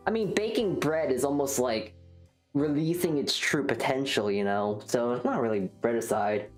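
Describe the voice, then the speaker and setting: A woman's voice: extremely low pitch, normal speed, soft background music. A woman streamer chatting casually and rambling, joking at her own expense while reacting to chat. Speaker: livestreamer. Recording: roomy echo.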